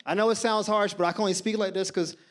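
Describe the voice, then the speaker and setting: His voice sits high and moves quickly as he works the crowd. He's a thirty-something stand-up comedian telling stories conversationally, animatedly voicing the people in them and addressing the audience directly.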